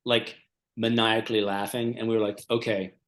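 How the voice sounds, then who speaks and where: A man at a middle pitch riffs through invented stories, trailing off, restarting and stacking one absurd detail on another. His talk is loose and conversational, full of likes and ums. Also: lively intonation, fairly quick. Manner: rambling, lots of fillers, builds absurd details. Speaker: comedian co-host. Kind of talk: improvised comedy chat.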